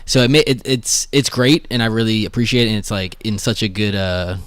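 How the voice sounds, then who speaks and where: A man in his late twenties from Boston, a street artist talking casually and thoughtfully, often pausing and restarting his sentences. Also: on the low side, fairly even intonation, fairly bright tone, smooth, no room sound. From Boston, USA. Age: late 20s. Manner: hesitant, thoughtful, many fillers and restarts. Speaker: street portrait artist, guest. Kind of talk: casual conversation.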